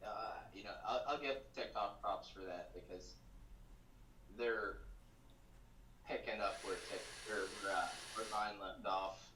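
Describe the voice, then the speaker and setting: Relaxed guy with a lowish voice, off-mic in a roomy space with faint hiss. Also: measured pace, far from the mic. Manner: relaxed, swears casually. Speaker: podcast guest. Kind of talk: casual chat. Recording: echoey room, set back from mic, faint noise.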